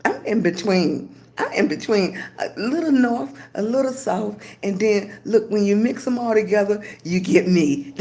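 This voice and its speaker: A woman's voice: mid-range voice, lively intonation, measured pace, dark tone. An older woman from Virginia hosting a casual livestream, greeting viewers by name and giving motivational talk. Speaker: livestream host.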